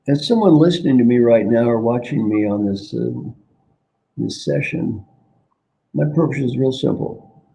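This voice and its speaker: A man's voice: mid-range voice, moderate pace, creaky, dark tone, poor audio. An older man, a guest coach, talking reflectively in an interview and repeating key phrases for emphasis. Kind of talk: reflective interview talk with storytelling.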